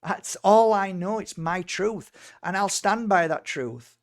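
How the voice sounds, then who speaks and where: Man, high voice, spiritual healer, casual storytelling, emphatic, repeats words. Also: takes it slowly. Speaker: spiritual healer and medium, guest.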